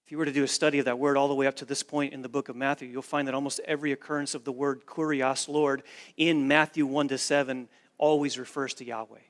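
A man's voice: medium pitch, flat delivery, fast. A man preaching a sermon in an earnest, emphatic way, driving points home with repeated phrases. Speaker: pastor.

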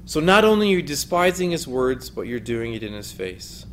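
A man's voice: medium pitch, sing-song, normal speed, slight background noise. A man teaching a lesson on biblical counseling in an earnest, emphatic way, often quoting scripture. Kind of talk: recorded teaching lecture.

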